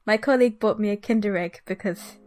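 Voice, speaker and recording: A woman's voice: mid-range voice, fairly quick, a little mellow, soft background music. A woman co-hosting a comedy podcast, silly and mock-grand, with a scratchy throat. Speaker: podcast co-host. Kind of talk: casual comedic chat.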